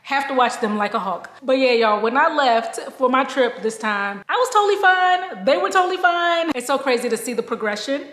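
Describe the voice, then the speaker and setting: A woman's voice: sits high, animated, brisk, few pauses, fairly bright tone. A woman talking casually to her viewers as a lifestyle vlogger, calling them "y'all" and laughing often as she chats from home. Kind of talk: casual chat to camera. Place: at home, moved from outdoors to indoors. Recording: echoey room.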